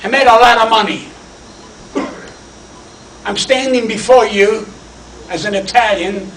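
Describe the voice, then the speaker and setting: A man's voice: sits high, unhurried, a bit bright, far from the mic, a little hiss or hum. A man, giving a brash, punchy stand-up acceptance speech full of wisecracks, in a banquet hall. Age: 80s. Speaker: award honoree and comedian. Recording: echoey hall, voice from off mic.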